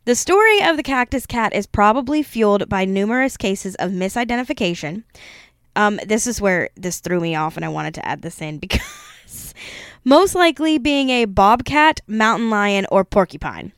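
A woman's voice: mid-range voice, animated, normal speed, clear, resonant tone, no room sound, clean studio sound. A young woman co-hosting a podcast, reading aloud and chatting casually, laughing often, teasing and swearing. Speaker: podcast co-host.

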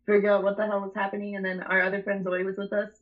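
A young woman tells a rambling story in a casual chat, swearing freely and laughing as she goes. Her voice sits at an ordinary middle pitch. The recording sounds slightly muffled. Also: monotone, rapid-fire. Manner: rambling, profane, laughs often.

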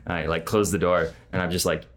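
A man's voice: low-pitched, fairly even intonation, fast, a bit bright. A young man, a podcast guest, telling a casual story with lots of "uh" and "like" and frequent laughter. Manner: rambling, laughs often, many fillers like "uh" and "like".

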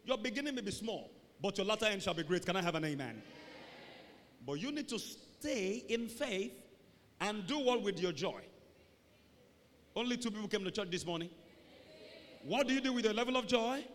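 A man preaching a sermon as pastor, animated, swinging from booming shouts to low mocking asides. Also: normal speed, long pauses, a little hiss or hum. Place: church hall. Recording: reverberant church hall.

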